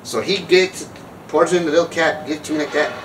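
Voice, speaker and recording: Fast and a little high-pitched, this man in his 60s delivers a comic monologue about his past as a speaker on sobriety. He mocks himself, rambles, and keeps jumping back to restart. The rough recording puts him far from the mic, with a little hiss or hum.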